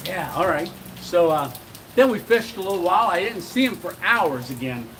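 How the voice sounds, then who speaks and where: Middle-aged guy rambling on a live stream outside, chuckles a lot, talks a bit high, rain hissing behind him. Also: animated, normal speed, fairly bright tone. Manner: rambling, chuckling, many fillers. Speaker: channel host. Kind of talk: casual live-stream storytelling. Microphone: handheld camera.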